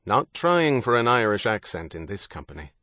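A man reading an audiobook, voicing a guarded American scientist who answers tersely and low. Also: big pitch swings, moderate pace, pushed and bright, no echo. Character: guarded young American scientist, quietly tense.

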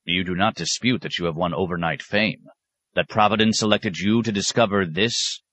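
A man's voice: low-pitched, moderate pace, a bit bright. A man voicing a stern, sarcastic abbot who questions a novice with cutting mockery. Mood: interrogating. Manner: mocking, cutting, sometimes roaring.

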